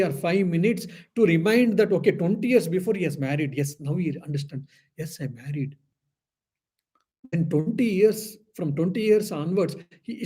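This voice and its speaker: A man who is a monk teaches scripture in a spiritual lecture, telling a story in an unhurried way and repeating phrases. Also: on the high side, mellow, breathy edge.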